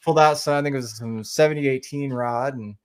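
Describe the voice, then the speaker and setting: A man's voice: medium pitch, fast talker. A man from Oklahoma with a slight Oklahoma accent, a podcast guest chatting casually and rambling with many fillers and restarts. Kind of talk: casual interview chat.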